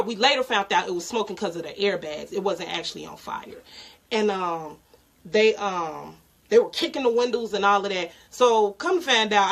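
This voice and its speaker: A young woman telling a personal story in a casual, halting way with many pauses. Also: mid-range voice, poor audio. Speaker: podcast co-host.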